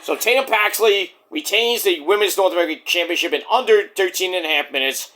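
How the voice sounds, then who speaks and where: A man in his forties giving a casual, rambling, profane review, now and then mimicking others in quick put-on voices. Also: high voice, sharp tone. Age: 40s. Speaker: wrestling show reviewer.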